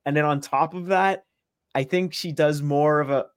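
A man's voice: fairly high pitch, moderate pace, clear, resonant tone, dry recording, studio quality. A man co-hosting a podcast, telling stories in a wry, easygoing way and laughing along. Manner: storytelling, wry, laughs often. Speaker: podcast co-host. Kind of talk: casual chat.

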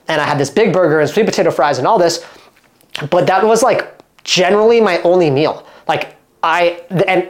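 A man in his thirties from Oregon, a fitness coach talking casually to camera in an animated, emphatic way, full of fillers and quick restarts. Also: a little high. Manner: animated and emphatic, acts out quoted dialogue.

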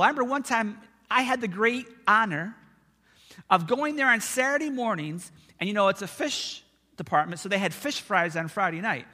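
A man preaching a sermon to his church, telling stories from his own life in a loose, chatty way. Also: very high-pitched. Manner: conversational storytelling, animated and expressive. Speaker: pastor. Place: church sanctuary. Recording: long church hall reverb.

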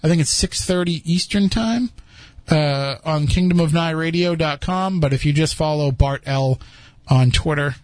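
A man's voice: on the high side, normal speed, no echo. A man hosting a talk show in casual chat, rambling with many fillers and chuckles. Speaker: podcast host.

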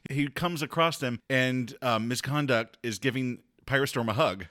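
A man's voice: medium pitch, normal speed, no echo, studio quality. A man co-hosting a podcast, chatting casually and retelling a book's plot. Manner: lively, chuckling, jumps in with plot details. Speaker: podcast co-host. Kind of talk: casual book discussion.

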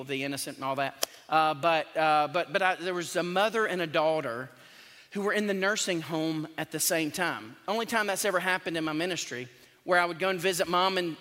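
A man's voice: high-pitched, pushed and bright. A male pastor, preaching a sermon in a conversational, joking and emphatic way. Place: church sanctuary. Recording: long church hall reverb.

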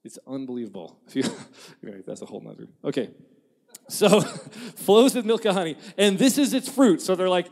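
A man preaching a sermon in an animated, joking way, acting out quotes and laughing at his own jokes. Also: sits high, fairly quick, creaky. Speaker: pastor. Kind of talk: lively sermon. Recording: long reverb of a large hall.

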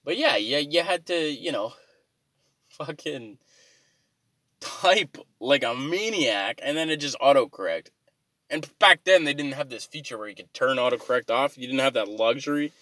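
A man's voice: medium pitch, expressive, normal speed, sharp tone, no room sound. A man rambling through an exasperated, profane comic rant to his viewers, swearing freely as he complains. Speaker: vlogger.

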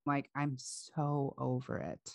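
A woman's voice: very deep voice, little pitch movement, takes it slowly, vocal fry, darkish tone, no echo, studio quality. A woman co-hosting a faith podcast, talking candidly and chattily with many fillers. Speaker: podcast co-host. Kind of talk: casual faith podcast chat.

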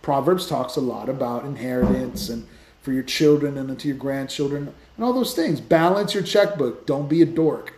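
A man hosting a Christian podcast, telling stories in a lively, casual way with many restarts. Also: mid-range voice, normal speed, echoey room, slight background noise. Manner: animated storytelling with many restarts. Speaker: podcast host, Christian speaker. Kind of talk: casual faith talk.

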